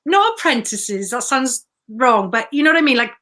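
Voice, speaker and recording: Woman on a podcast, bright forceful voice, slightly high, chatty and rambling. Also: very animated. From Wales. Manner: chatty storyteller, quick asides. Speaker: guest. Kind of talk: casual chat.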